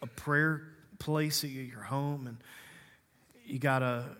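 A man's voice: mid-range voice, fairly even intonation, slow pace, a bit bright, in a large hall. A man preaching a sermon as a pastor, conversational and humorous, teasing his congregation.

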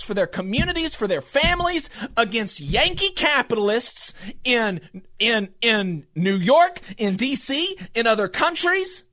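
A talk radio host with a drawl delivers angry political commentary. The voice swings widely in pitch and piles up repeated phrases with impassioned, ranting force. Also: a bit bright. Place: radio studio.

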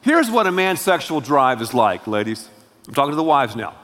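A man's voice: mid-range voice, normal speed, long reverb tail. A male pastor preaching a sermon, joking and speaking directly to the congregation. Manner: animated, joking, addressing the congregation.

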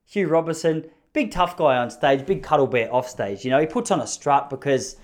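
A man's voice: a little high, normal speed. An Australian man hosting a podcast, telling meandering, self-mocking jokes in casual comedic chat. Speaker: podcast host.

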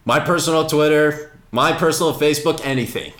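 A young man co-hosting a casual sports podcast, telling stories in a playful, animated way. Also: a little high, fairly quick. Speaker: podcast co-host. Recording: roomy echo with faint noise.

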